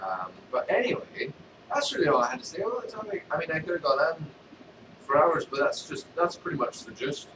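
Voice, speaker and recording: A man's voice: on the high side, very animated, brisk, roomy sound, distant mic, background noise. A man hosting a casual comedy monologue who rambles and keeps checking in with his listeners. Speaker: host.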